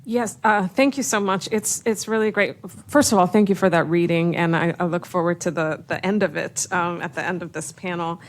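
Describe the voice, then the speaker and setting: Woman, panelist, lower pitch, faint background noise, hesitant. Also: normal speed, few pauses. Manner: hesitant start, many fillers. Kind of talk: panel discussion.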